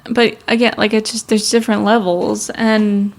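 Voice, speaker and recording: A young woman from Long Island co-hosts a relaxed podcast. Her voice has a gravelly fry and a faint Long Island accent. She talks in a blunt, chatty way and laughs often. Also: medium pitch, normal speed. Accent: Long Island, New York (mild). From Long Island, New York. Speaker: podcast co-host. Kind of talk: casual chat.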